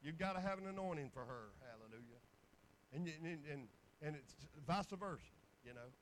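A man's voice: on the high side, expressive, brisk, a little hiss or hum, low-quality recording. A man, preaching in a folksy storytelling way with bursts of exclamation. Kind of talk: sermon testimony.

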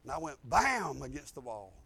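Speaking at a normal speed in a gravelly voice, this male pastor shares his own testimony from the pulpit. He is animated, shifting from loud emphasis to hushed passages, and his informal delivery includes restarts.

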